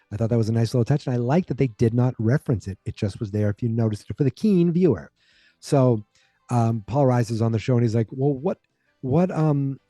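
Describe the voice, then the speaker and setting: Relaxed chatty man, dark mellow voice. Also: medium pitch, dry recording. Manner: rambling, quotes characters in raised voices. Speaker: podcast host. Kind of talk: casual recap of a sitcom episode.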